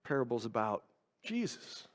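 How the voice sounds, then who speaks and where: Speaking at normal speed with a medium pitch and big swings in intonation, a man delivers a sermon. He's a pastor, self-mocking and conversational, asking his congregation rhetorical questions as the sanctuary's long reverb rings.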